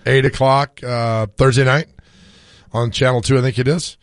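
A man's voice: mid-range voice, steady tone, normal speed, smooth, dry recording. Man, sports radio co-host, laughing storyteller, worn voice, dry studio sound. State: voice worn from screaming. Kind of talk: casual sports radio chat.

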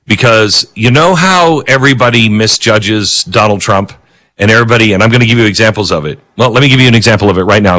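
Male commentary host: brisk, bright tone, sardonic and animated delivery. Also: on the low side. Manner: animated, sarcastic, chuckling. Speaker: political talk show host. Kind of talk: opinionated commentary.

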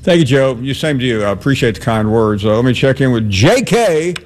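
Even-toned male sports radio host. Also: medium pitch, a little fast.

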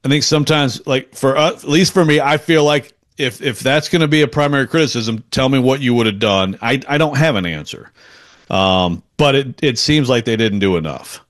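A man talking sports in a relaxed co-host chat. He rambles, trips over his openings and chuckles between points. His voice sits in an ordinary middle pitch. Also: normal speed. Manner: rambling, self-interrupting, chuckles often. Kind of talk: casual sports talk.

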